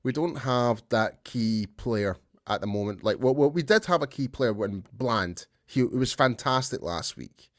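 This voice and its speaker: A man's voice: mid-range voice, expressive, unhurried, no room sound, clean studio sound. A man co-hosting a casual sports podcast, talking loosely and poking fun at himself. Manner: chatty, loose, self-deprecating. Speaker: podcast co-host.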